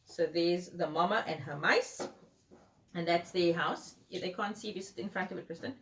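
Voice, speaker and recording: A woman reading a bedtime storybook to her child, animated and expressive with asides, in a roomy room at home. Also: fairly low pitch, moderate pace. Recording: roomy echo.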